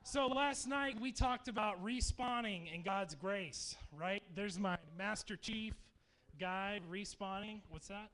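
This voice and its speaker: A man in his thirties from Texas talks to a camp crowd with a high, bright voice. He jokes and tells stories in a loose, chatty way on a stage mic. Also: takes it slowly. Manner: joking, chatty storyteller. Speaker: youth camp speaker. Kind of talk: humorous youth talk to campers. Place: dark meeting hall at a camp.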